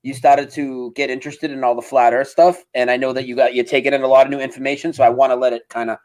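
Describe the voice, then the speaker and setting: Loud excitable Boston-accented man. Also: mid-range voice, quick pace, low-quality recording. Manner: loud, excitable, swears freely. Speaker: guest, radio show host. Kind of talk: casual podcast chat.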